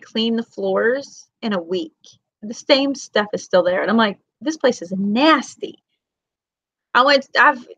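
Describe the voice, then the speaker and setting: A mom who vlogs chats casually on a livestream in a slightly high voice, with no room sound and the highs cut off. She rambles through animated stories full of Southern colloquialisms and reads out viewer comments.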